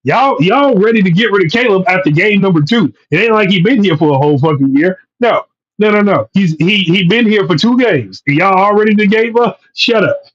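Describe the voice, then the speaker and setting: A man co-hosting a casual sports podcast, ranting loudly and profanely about his team. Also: high voice, expressive, fairly quick, lo-fi sound. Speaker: podcast co-host.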